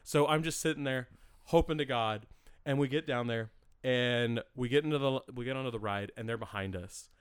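A man telling an animated, profanity-laced story in casual chat, acting out the quotes. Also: medium pitch, fairly quick, clean tone, dry recording, studio quality. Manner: animated, swears constantly, acts out quotes.

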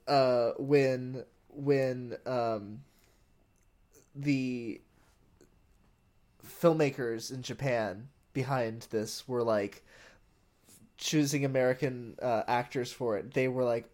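A man's voice: mid-range voice, fairly even intonation, takes it slowly, a little mellow. A man co-hosting a casual podcast, rambling with false starts and frequent laughter. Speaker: podcast co-host. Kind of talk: casual chat.

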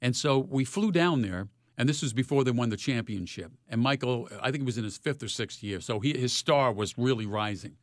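A retired sports reporter in his sixties, telling lively stories in an interview. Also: brisk, few pauses, dry recording, clean studio sound. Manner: animated storyteller, rising loud in highlights. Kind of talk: storytelling interview.

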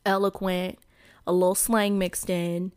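A woman's voice: lowish voice, level tone, measured pace, clean tone. A woman hosting her own podcast in casual solo chat, talking to listeners with a Midwestern accent touched by a Southern country twang, chatty and full of fillers. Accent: Midwestern with a little Southern country twang. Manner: chatty, addresses listeners as y'all, many fillers. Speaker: podcast host.

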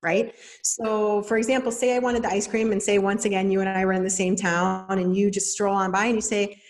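In a relaxed teaching monologue, this thirty-something woman podcast host explains with energy, slipping into little character voices for quotes. She speaks in a mid-range, level tone, quickly and with few breaks.

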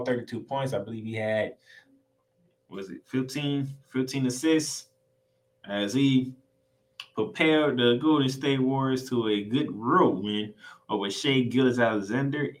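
A man hosting his own sports podcast, recapping games in a solo monologue with an emphatic, excitable, casual slangy delivery and free swearing. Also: mid-range voice, low-quality recording.

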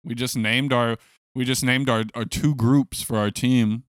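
A man co-hosting a sports podcast in relaxed, casual chat, laughing easily. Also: mid-range voice, unhurried, no echo, clean studio sound. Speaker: podcast co-host.

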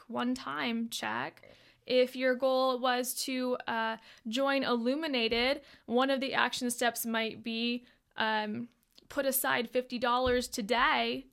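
Young woman host, fairly high voice, upbeat, friendly coaching tone for an online training. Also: fairly bright tone. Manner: upbeat, friendly, speaks straight to listeners.

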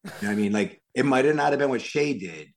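A man's voice: medium pitch, fast talker, creaky. A man from Worcester, Massachusetts, a guest actor rambling casually through anecdotes and acting out the quotes. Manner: animated, rambling, acts out quotes loudly.

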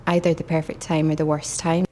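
A woman giving a measured film trailer voice-over. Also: low voice, little pitch movement, dark tone, slight background noise, lightly acted.

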